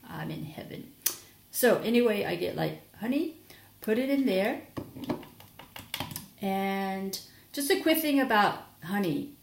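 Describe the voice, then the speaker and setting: A woman's voice: mid-range voice, creaky, slight background noise. Sleepy, chatty woman in an echoey kitchen. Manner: chatty, rambling, with many fillers and restarts. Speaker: vlogger. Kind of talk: casual product review vlog.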